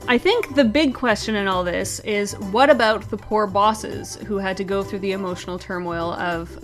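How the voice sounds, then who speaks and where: A woman's voice: mid-range voice, normal speed, soft background music. Wry woman co-hosting a comedy segment. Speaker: comedy show co-host. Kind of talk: scripted comedic news chat.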